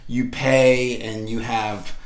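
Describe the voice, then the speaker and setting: A man's voice: little pitch movement, slow pace, crowd noise. A man co-hosting a podcast, casually recapping a show and acting out the characters' lines. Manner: retells scenes acting out lines with shifts in pitch. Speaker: podcast co-host. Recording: echoey room.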